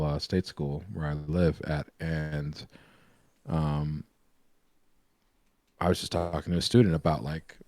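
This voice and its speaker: Deep-voiced man explaining art, rambling. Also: darkish tone, dry recording, studio quality. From New York. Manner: rambling, self-correcting explainer. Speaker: co-host, painter and drawing teacher. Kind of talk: casual live-stream chat.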